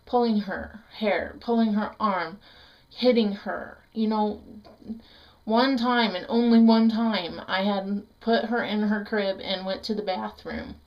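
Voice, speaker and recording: A middle-aged woman talks straight to the camera about something painful. Her speech is halting and raw, full of restarts and sudden bursts of bitterness. Her pitch sits in a plain middle range. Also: steady tone, muffled recording. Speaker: vlogger. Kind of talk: emotional personal story vlog.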